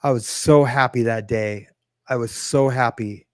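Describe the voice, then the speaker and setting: A man's voice: medium pitch, steady tone, measured pace, dry recording, studio quality. A middle-aged man hosting a livestream podcast, chatting casually, reading comments from chat and mocking himself as he rambles. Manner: rambling, self-mocking, reads chat aloud. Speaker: podcast host.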